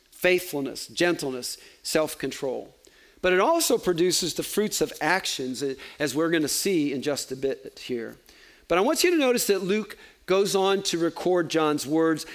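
A man preaching a sermon in church as pastor, conversational and animated, with joking asides. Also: a little high.

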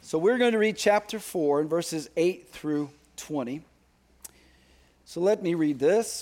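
High-voiced middle-aged male pastor. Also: expressive, unhurried, darkish tone. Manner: conversational, with joking asides and restarts. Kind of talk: sermon. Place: church sanctuary.

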